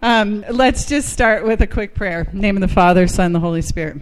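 A woman from Ohio gives a faith talk with a smooth, clear voice at a middle pitch. She tells stories with a candid, self-deprecating honesty and leads a short, simple prayer. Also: fairly quick, hardly any pauses. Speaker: guest speaker.

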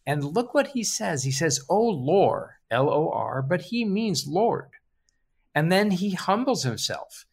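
A man hosting a casual book discussion, summarizing chapters and reading quotes with lively emphasis. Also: on the high side, a little slow, gravelly, breathy edge. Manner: relaxed, chuckling, reads quotes with animated emphasis.

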